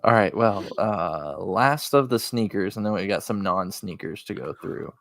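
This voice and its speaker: A man's voice: on the low side, expressive, normal speed, no room sound. A man co-hosting a casual sneaker podcast, laid-back and teasing as he runs the rundown. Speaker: podcast co-host.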